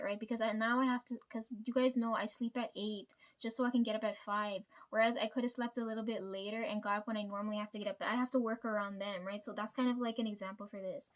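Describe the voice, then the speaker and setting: A young woman vlogging casually to her viewers, venting about family with lots of swearing and "right?" tags. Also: on the high side. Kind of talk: casual personal vlog.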